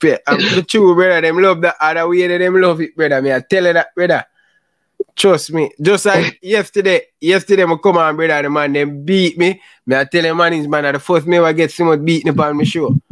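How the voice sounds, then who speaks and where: Jamaican male host, raised pitch, dry recording, casual patter. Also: fairly even intonation, brisk, fairly bright tone, dry recording. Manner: apologetic, laughing often, repeats "brother". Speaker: football talk show host. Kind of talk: casual argumentative chat.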